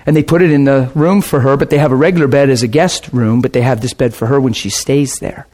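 A man preaching as a pastor, telling a story casually with lively swings between low asides and excited high bursts. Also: fast talker. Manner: casual, rambling, with restarts and laughter. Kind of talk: sermon storytelling.

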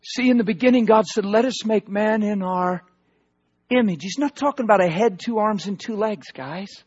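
High-voiced man preaching with fervor. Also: normal speed, husky, muffled recording. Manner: emphatic, swinging from loud proclamations to hushed asides. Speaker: pastor. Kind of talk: sermon.

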